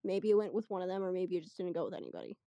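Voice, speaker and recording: A young woman telling a story in casual chat, chatty and animated, acting out what people said. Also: fairly low pitch, racing, no echo. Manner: chatty, animated retelling with quoted voices. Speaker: guest storyteller.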